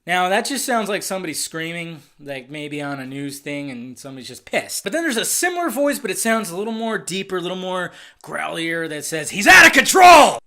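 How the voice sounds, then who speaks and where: Excitable, swearing trailer reviewer man. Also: a little high, fairly quick, hardly any pauses. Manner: excitable, profane, rambling speculation. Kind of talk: casual video commentary.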